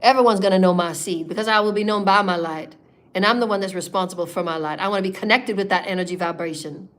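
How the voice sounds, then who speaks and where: A woman leading a spiritual meditation in a sermon style, impassioned and repetitive, moving between soft murmurs and loud declarations. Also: mid-range voice, fast. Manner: repetitive, chant-like phrasing. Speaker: spiritual channeler.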